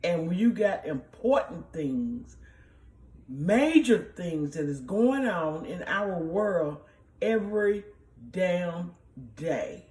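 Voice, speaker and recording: A middle-aged woman giving slow, emotional, emphatic commentary to her viewers. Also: on the low side, animated, darkish tone. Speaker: vlogger. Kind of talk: casual commentary. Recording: echoey room.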